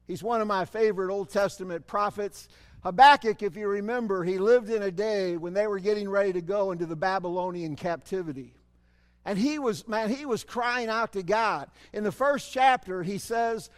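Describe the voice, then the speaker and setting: A man preaching a sermon, asking the congregation rhetorical questions, with animated swells and sudden drops in loudness. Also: high-pitched, moderate pace. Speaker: pastor. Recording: long hall reverb.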